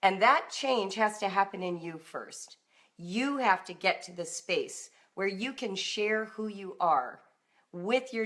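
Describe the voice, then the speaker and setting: A middle-aged woman hosting a live-streamed talk for parents, animated and now and then acting out emotional outbursts in a raised voice. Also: medium pitch. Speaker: homeschooling author and host.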